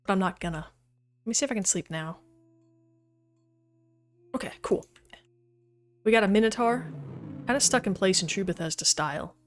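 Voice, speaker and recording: A woman with a mid-range, animated voice streams a video game at a normal speed, leaving long pauses. She chats casually with her viewers while she plays and laughs often.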